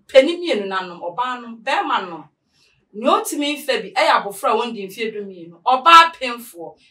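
A woman's voice: a little high, sharp tone, reverberant, distant mic, poor audio. A Ghanaian woman hosting a talk show, chatty and mixing English phrases into her talk. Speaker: show host.

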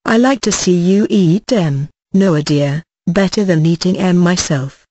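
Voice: medium pitch, unhurried, warm tone, dry recording, lightly acted. A reader voicing a doting young serving woman who coaxes and fusses fondly. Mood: coaxing. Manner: coaxing, fond.

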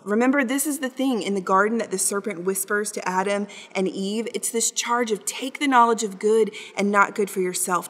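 A woman's voice: medium pitch, fairly bright tone. A woman teaching a Bible study in a conversational, explanatory way, with emphatic readings. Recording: long hall reverb.

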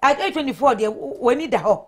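A woman's voice: sits high, lively intonation, fast, husky. A Ghanaian woman hosting a call-in radio advice show, lecturing callers in a motherly way. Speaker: radio talk show host.

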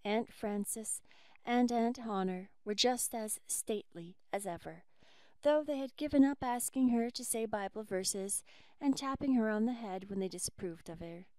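A woman narrates a classic novel in a measured, expressive audiobook reading. Her voice sits a little high and sounds smooth and clear, recorded close and dry. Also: no echo. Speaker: audiobook reader. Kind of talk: scripted narration.

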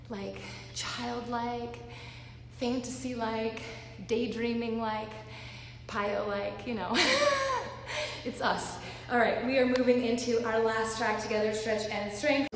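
High-voiced woman cueing a workout class. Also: a little hiss or hum. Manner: upbeat, sing-song cueing. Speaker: fitness instructor. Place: echoey studio with music behind. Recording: roomy studio with long reverb and loud music.

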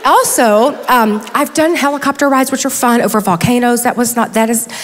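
A woman's voice: fairly high pitch, normal speed. A woman in her fifties giving a conference talk in a chatty, self-deprecating way, holding back tears as she tells funny personal stories. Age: 50s. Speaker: conference speaker. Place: large hall with stage. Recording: long hall reverb.

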